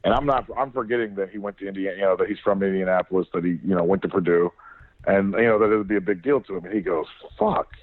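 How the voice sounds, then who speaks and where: A man's voice: low voice, racing, dry recording. Man on a tinny phone line. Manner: animated storyteller, swears, frequent restarts. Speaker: podcast co-host. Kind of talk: casual sports chat.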